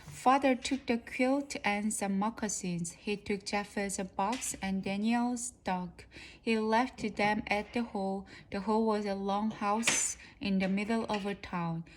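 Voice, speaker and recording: Korean lady practicing reading a kids story out loud, real slow, faint hiss behind. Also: mid-range voice, fairly even intonation. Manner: careful, practicing reader with small slips. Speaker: reader. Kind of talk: reading a children's storybook aloud.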